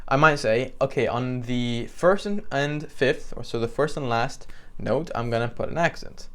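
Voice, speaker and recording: A man teaching piano in a relaxed, conversational way with frequent fillers, counting beats aloud. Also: medium pitch, moderate pace. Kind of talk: instructional tutorial. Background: piano playing between phrases.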